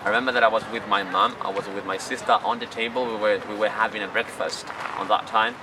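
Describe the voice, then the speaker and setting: On the low side and fairly even, a man's voice rushes along as he tells stories to camera outdoors in a city, with a distant mic and heavy street noise. He's a Chilean job applicant and tourist guide, a native Spanish speaker who rambles chattily in non-native English.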